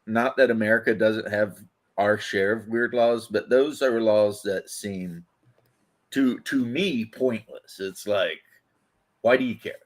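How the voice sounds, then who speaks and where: A man's voice: on the low side, slow pace. A man hosting a casual podcast chat, rambling and laughing as he talks. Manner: rambling, laughs often, loose fillers. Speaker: podcast host.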